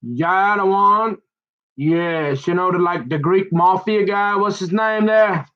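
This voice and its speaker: A man's voice: high-pitched, slow. A man, talking in a rambling, folksy casual monologue that repeats itself and wanders. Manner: folksy, meandering, repeats himself. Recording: dull lo-fi sound.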